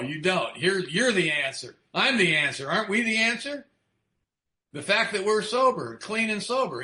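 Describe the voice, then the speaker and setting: A man's voice: fairly high pitch, pushed and bright, reverberant. A man speaking frankly about recovery, swearing freely and asking his listeners rhetorical questions. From United States. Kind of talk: recovery talk.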